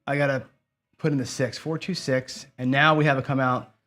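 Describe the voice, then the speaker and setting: Speaking at a medium pitch and a fairly quick clip, this man has a level, somewhat bright tone, with faint music playing behind him. He's hosting online craps live, talking to chat and cursing in frustration as he loses.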